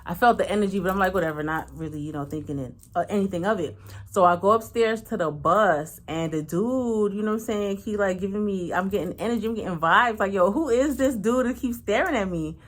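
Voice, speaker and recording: A woman tells a personal story casually. She talks frankly and slangily, swears freely, and acts out each person's lines. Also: quick pace. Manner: animated, acts out every voice with big pitch swings. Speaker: channel host.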